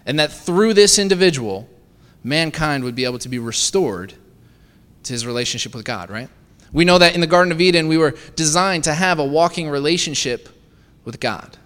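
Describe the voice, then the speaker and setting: A man's voice: a little high, animated, normal speed, fairly bright tone, clear, resonant tone. Preaching man in an echoing hall. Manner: conversational, asks the congregation rhetorical questions with frequent "right?". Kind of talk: sermon.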